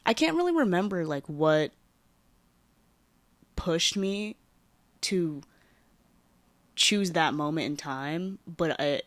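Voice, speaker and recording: A woman hosting her own podcast, telling a personal story in a rambling, casual way with lots of fillers and lively swings in her voice. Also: on the low side, slow pace, pauses often, dry recording. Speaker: podcast host.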